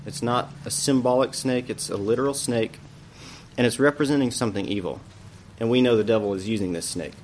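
A man's voice: mid-range voice, fairly quick, darkish tone, slight background noise. Man teaching a church Bible lesson. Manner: explanatory, thinking aloud with questions. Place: church classroom.

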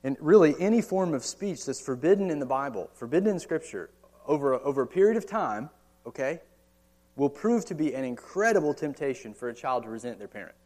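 This pastor sounds a little high and somewhat dark in tone, speaking in an animated, brisk way. He's an American man in his thirties preaching in a church or meeting hall, chatty in delivery, tossing out rhetorical questions and casual asides.

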